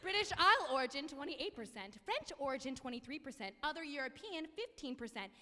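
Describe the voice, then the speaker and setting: A young woman hosts a college concert, reading out dry facts with mock seriousness. Her voice sits high and bright. It rings with the long reverb of a concert hall. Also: sing-song, brisk. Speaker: emcee at a college a cappella concert. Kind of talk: comic scripted stage banter. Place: concert hall with a live audience.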